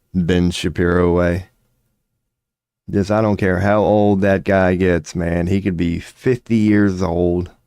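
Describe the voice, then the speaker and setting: A man's voice: low-pitched, dark tone, no echo, studio quality. A man streaming a casual rant, profane and mocking, with a drawling delivery at his computer.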